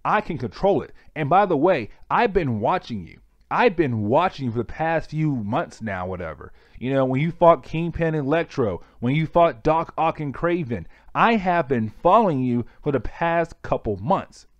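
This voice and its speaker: A man's voice: a little high, lively intonation, normal speed, hardly any pauses, no echo, lo-fi sound, natural voice. A man voicing a scheming middle-aged father who becomes a goblin villain, in a menacing, commanding manner.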